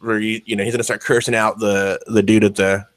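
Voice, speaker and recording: A man's voice: fairly low pitch, level tone, quick pace. A man co-hosting an online discussion show, rambling in casual chat with a lot of swearing and filler words. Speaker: podcast co-host.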